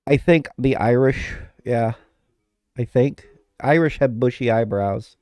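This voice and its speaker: Sick with what seems like the flu, a male live streamer talks casually in a warm, mid-range voice, taking his time. He wanders off topic, interrupts himself, and laughs a lot, and the recording has no echo.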